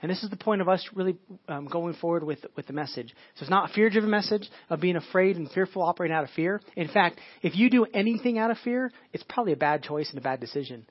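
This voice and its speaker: A man preaches a sermon in a loose, conversational way, stumbling over restarts and tossing in casual asides. His voice sits a little high for a man and moves along at a fast clip. The recording is dry and slightly muffled. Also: animated, no echo. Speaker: pastor.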